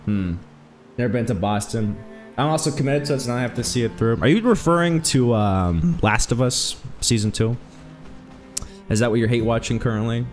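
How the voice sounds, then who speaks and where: A man streaming a video game, chatting casually and rambling, with sudden loud exclamations when something excites him. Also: medium pitch, a little fast, faint music behind. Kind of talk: casual let's-play chat.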